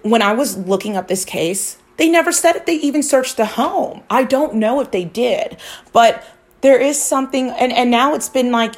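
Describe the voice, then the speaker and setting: Rambling woman vlogger, chatty and confiding. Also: on the high side. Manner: rambling, confiding, swears casually, frequent restarts. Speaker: psychic true-crime vlogger. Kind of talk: casual chat to camera.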